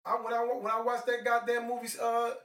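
A middle-aged man, a guest in a casual chat, telling stories in an animated, profane way. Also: very high-pitched, a little fast, far from the mic. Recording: echoey room, off-mic.

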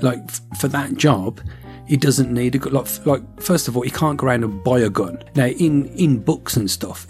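A man co-hosting a podcast, chatting casually and rambling, with quick switches as he acts out lines from a story. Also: mid-range voice, darkish tone. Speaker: podcast co-host. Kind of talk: casual chat.

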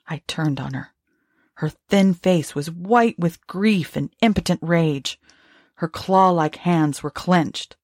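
Low husky woman narrating somberly. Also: slow pace, a little mellow, no echo, studio quality. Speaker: audiobook narrator. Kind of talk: storybook narration.

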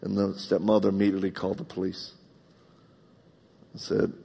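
Long hall reverb hangs behind each phrase as a pastor preaches a live sermon in a church sanctuary, telling personal stories from the heart. His low, husky voice with gravelly fry runs a little fast and is completely flat in delivery, yet shifts between loud emphatic bursts and quiet confiding moments.

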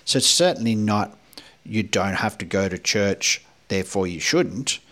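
A man's voice: on the low side, expressive, a little slow, sharp tone. A man co-hosting a spiritual podcast, talking in a conversational way and asking questions. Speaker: podcast co-host.

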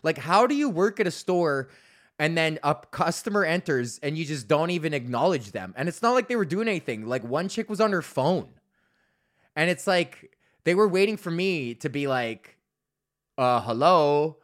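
Man in his thirties, somewhat high voice, podcast host, rambling profane rant. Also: very animated, normal speed. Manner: swears constantly, rambling and mocking.

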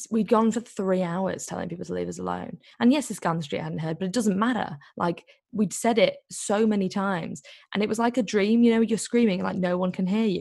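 Gravelly-voiced woman chatting. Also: mid-range voice, a little mellow, no echo, studio quality. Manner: chatty storytelling with many "like"s. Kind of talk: casual chat.

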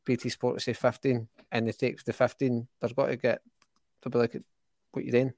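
Male podcast co-host, even monotone, matter-of-fact, dry close sound. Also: medium pitch, normal speed, dry recording. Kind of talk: casual football chat.

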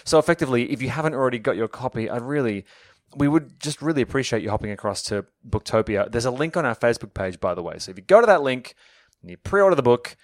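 A man's voice: medium pitch, animated, fast, no room sound, studio quality. A young man chatting enthusiastically on a podcast, joking and plugging his book. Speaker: podcast co-host and author. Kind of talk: casual chat.

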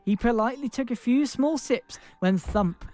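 A woman narrates a comic fairy tale aloud in a playful way. She pauses to laugh when she stumbles and then carries on with the story. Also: a little high, dark tone. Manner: playful, laughing at own slips.

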